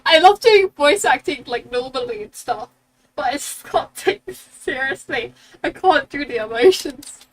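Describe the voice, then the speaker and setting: Chatty high-voiced woman streamer. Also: animated, moderate pace, a little hiss or hum. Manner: chatty, rambling. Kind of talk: game stream commentary. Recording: distant mic with game music.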